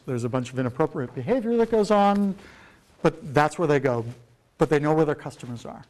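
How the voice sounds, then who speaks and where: Man, keynote speaker, rambling talk, full of fillers, somewhat higher voice. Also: darkish tone. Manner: rambling, profane, lots of fillers.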